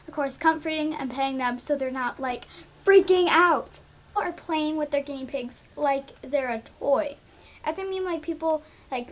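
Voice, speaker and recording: A young woman vlogging casually, exasperated and scolding, with lots of "like" and "um". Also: sits high. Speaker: pet vlogger. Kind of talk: casual ranting monologue.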